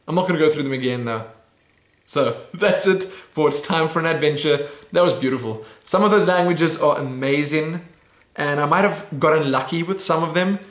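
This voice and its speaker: A man hosting a casual weekly Q&A video, playful and laughing, slowly sounding out foreign phrases. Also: on the high side, fairly bright tone, reverberant. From South Africa. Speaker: YouTube host. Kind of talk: casual Q&A chat.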